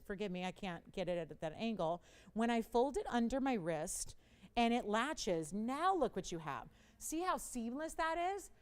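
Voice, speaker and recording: A woman's voice: sits high, a bit bright. A woman hosting a live television jewelry auction, chatty and self-mocking, with dramatic pleas for bids and frequent laughs. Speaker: live shopping host.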